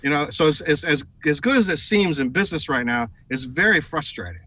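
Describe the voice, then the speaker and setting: A middle-aged man telling a story in a TV interview, animated and full of fillers and repeated words. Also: fairly high pitch, fairly quick, breathy edge, dry recording, low-quality recording. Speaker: guest, advertising executive.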